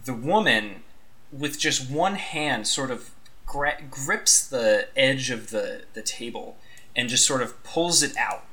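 Brief: animated, bright game master, hedging and rambling. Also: male voice, medium pitch, slow pace. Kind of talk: narrating a tabletop game.

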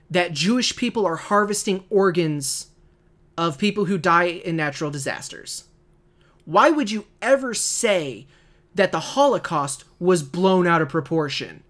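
A man's voice: high voice, lively intonation, unhurried, a bit bright. A man co-hosting a podcast, ranting hotly and swearing freely in casual chat. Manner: heated, profane ranting. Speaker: podcast co-host.

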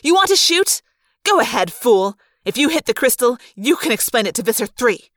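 A woman's voice: fairly high pitch, normal speed, dry recording, lightly acted. A tense middle-aged woman commander snaps out clipped orders in a storybook reading, as a woman reader puts her on. She keeps her voice tightly controlled and commanding. The recording is close and dry. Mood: shouting.

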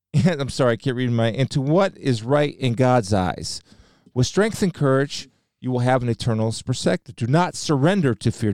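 A man's voice: mid-range voice, a little mellow, no echo, clean studio sound. Earnest man giving a devotional talk. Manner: earnest, preacherly, quotes scripture. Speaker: speaker sharing faith.

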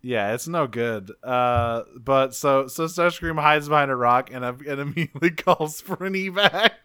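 Bright-voiced man recapping an episode. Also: medium pitch, normal speed, smooth, dry recording, studio quality. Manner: loose, profane, animated storytelling. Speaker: podcast co-host.

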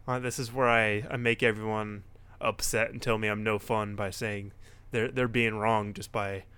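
Bright, dry-voiced man recapping animatedly. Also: mid-range voice, smooth, no echo. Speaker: podcast co-host. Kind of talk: casual chat recapping wrestling.

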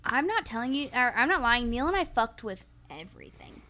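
A young woman co-hosting a podcast, her voice sitting a little high. She tells a crude story in casual chat, animated and laughing as she goes. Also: brisk. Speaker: podcast co-host.

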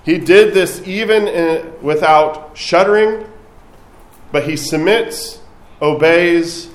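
A man's voice: on the high side, slow, echoey room, poor audio. A man preaching a sermon as a priest, speaking conversationally and adding light asides.

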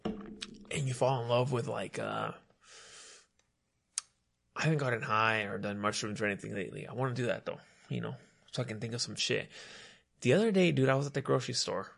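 A young man rambles through casual talk, full of slang and filler words. His voice has a gravelly, creaky edge at a mid pitch. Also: fairly quick, pauses often, a bit bright. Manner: rambling, slangy, heavy on "like" and "dude". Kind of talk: casual chat.

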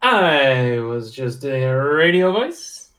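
A man hosting a casual podcast, easygoing and quick to laugh. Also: mid-range voice, big pitch swings, fairly bright tone. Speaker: podcast host.

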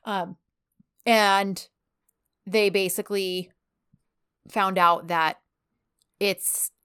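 A woman with a mid-range voice, co-hosting a relaxed chat. She talks in a loose, chatty way, full of fillers and easy laughter. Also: medium pitch, very slow, clear, resonant tone, dry recording, studio quality. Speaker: podcast co-host. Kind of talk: casual chat.

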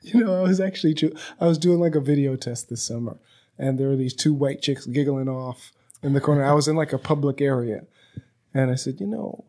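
A man's voice: mid-range voice, fairly quick, warm tone. A man hosting a podcast, talking loosely and profanely in a chatty, storytelling way. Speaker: podcast host. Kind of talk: casual conversation. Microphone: podcast microphone.

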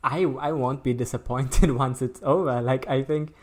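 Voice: medium pitch, fairly even intonation, moderate pace. A podcast co-host in casual chat, rambling and stumbling over words.

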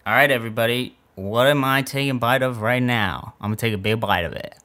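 A man's voice: mid-range voice, fast, noisy background. A young man co-hosting a casual podcast, teasing and self-deprecating as he runs a game. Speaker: podcast co-host.

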